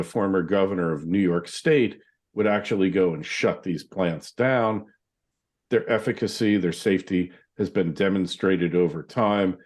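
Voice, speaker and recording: A man's voice: low voice, a little mellow. A man hosting a podcast interview, speaking in a casual, blunt and sarcastic way. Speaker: podcast host.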